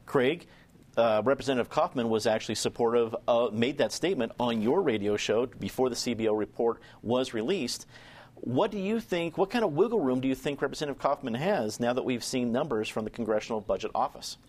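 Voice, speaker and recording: A man's voice: mid-range voice, a little fast, a little mellow. A man moderating a political panel, reading news items before posing questions to guests. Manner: reads news items, then poses questions.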